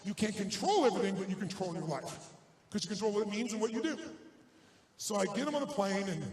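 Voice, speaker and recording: An emphatic male motivational speaker tells a story to a crowd in a large hall. His voice sits high for a man and rings through the room, with a faint hiss under it. He hammers points home with repeated phrases. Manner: intense, emphatic, punchy repetition. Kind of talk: seminar storytelling to a live audience. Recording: roomy hall with faint noise.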